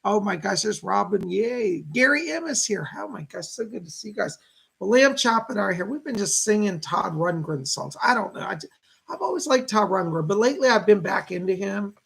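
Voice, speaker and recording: Gravelly, husky fifty-something guy chatting away to his livestream viewers, greeting everyone. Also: sits high, animated, fairly quick, a bit bright. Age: 50s. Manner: chatty, greets viewers by name, talks to a puppet. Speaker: psychic livestream host. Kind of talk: casual livestream chat.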